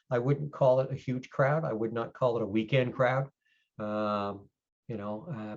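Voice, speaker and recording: A man narrating a tabletop game as storyteller, relaxed and descriptive, with many fillers. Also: mid-range voice. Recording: dull lo-fi stream audio.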